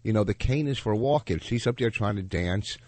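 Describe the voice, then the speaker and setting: A man's voice: lowish voice, animated, moderate pace, darkish tone, no room sound. A man on a radio show, casually telling jokey stories. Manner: wisecracking storyteller.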